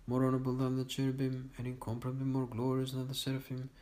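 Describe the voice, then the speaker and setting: A man reading liturgical morning prayers aloud in a steady, measured recitation. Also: medium pitch, rough recording. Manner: steady monotone recitation on one note. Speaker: liturgical reader.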